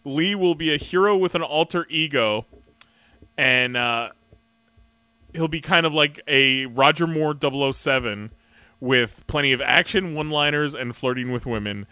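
Male podcast co-host: bright, dry and close, animated and profane. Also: on the high side, normal speed, clean tone, dry recording. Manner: animated, laughing, swearing freely. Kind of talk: casual chat.

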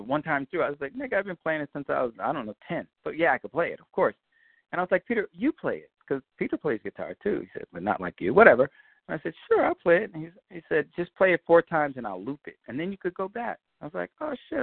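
A man tells a casual, profane story, his pitch swinging widely as he acts out what each person said. The sound is thin and phone-like, with no room echo at all. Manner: animated, profane, acts out quoted dialogue. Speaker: guest musician telling a story. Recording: tinny phone-like line, dry.

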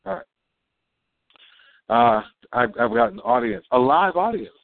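A co-host who is also a company chairman chats rambly on a live call broadcast, using fillers and laughing often. His mid-range voice is sing-song with vocal fry at a measured pace. The sound is tinny, phone-like and dry, with no echo.

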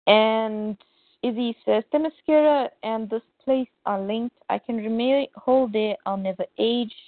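A podcast co-host with a fairly high voice speaks a little slowly as she casually retells a comic's plot, bringing energy to it and quoting the characters in their voices. The recording is dry and tinny, much like a phone.

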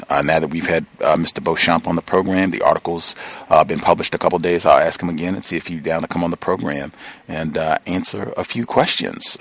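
A man hosting a call-in talk program, speaking in a measured way with many filler words. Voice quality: very deep, gravelly and husky. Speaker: talk show host.

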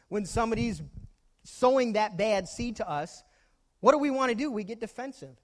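High-voiced man preaching a sermon. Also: fairly bright tone. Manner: preaching with stories and questions to the congregation. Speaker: pastor.

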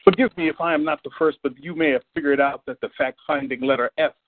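Male poet, 50s, slightly high voice, playful alliterative delivery, lo-fi phone-like sound. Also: fast. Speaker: poet at a reading. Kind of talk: poetry reading.

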